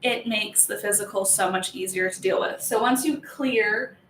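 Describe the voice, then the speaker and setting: A young woman talks through an energy-healing routine in a loose, chatty way, leaning on fillers and little giggles. Her voice sits at an ordinary middle pitch. It bounces around a hard, roomy space with a faint hiss underneath. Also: normal speed, a bit bright. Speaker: energy healer. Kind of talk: casual spiritual vlog, guided healing. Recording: echoey room.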